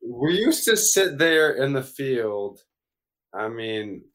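A man on a casual podcast, relaxed and chuckling as he talks. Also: medium pitch, slow. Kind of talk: casual chat.

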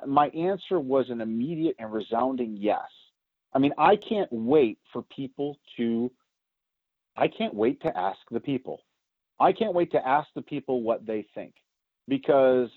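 A man co-hosting a political podcast, talking loudly and emphatically, getting louder when he is excited. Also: medium pitch, a little slow, no room sound. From United States. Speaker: podcast co-host. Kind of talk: opinionated political podcast talk. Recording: tinny phone-like sound.

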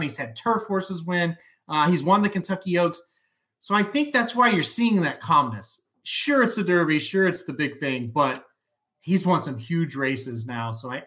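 A man co-hosting a casual podcast with a bright, slightly raised voice. He talks animatedly and likes to act out quoted lines. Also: on the high side. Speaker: podcast co-host. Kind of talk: casual chat.

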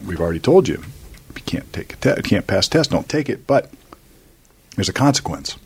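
A man's voice: fairly low pitch, big pitch swings, a little fast, slight background noise. A man in his forties, a lawyer hosting a casual chat, rambling through stories with quoted asides. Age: 40s. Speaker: lawyer and podcast host.

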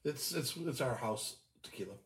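A man's voice: medium pitch, expressive, moderate pace, a bit bright. A man co-hosting a casual beer-tasting show, playful and jokey. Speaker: podcast co-host. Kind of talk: casual chat. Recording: echoey room, faint hiss.

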